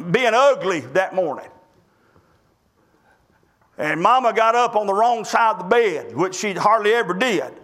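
A man's voice: extremely high pitch, bright, forceful tone. A middle-aged man, preaching a sermon in a folksy storytelling way, often stumbling and restarting his words.

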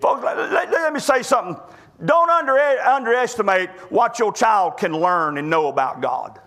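High bright preacher man. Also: expressive, normal speed. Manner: folksy storytelling with repeated restarts. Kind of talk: sermon.

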